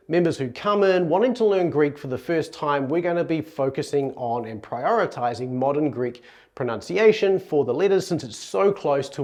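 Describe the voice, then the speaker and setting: A man's voice: on the high side, a little mellow. Earnest New Zealand man teaching Greek. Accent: New Zealand English. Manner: earnest, conversational, restarts and self-corrections. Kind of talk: explanatory video lesson.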